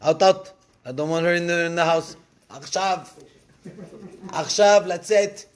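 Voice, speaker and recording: A man voicing an indignant, commanding matriarch who insists and scolds in a shrill, raised voice. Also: brisk, clear, resonant tone, close to an everyday voice.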